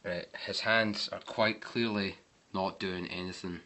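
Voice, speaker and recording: Sarcastic man with a bright voice. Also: low-pitched, fairly even intonation, measured pace. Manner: wry, sarcastic asides. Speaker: movie mistake reviewer. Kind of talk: casual commentary over film clips.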